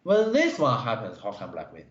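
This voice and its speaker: Halting man reviewing go games. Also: on the low side, wildly swooping pitch. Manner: halting, many fillers, broken English grammar. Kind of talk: live-stream game review. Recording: roomy, dull stream audio.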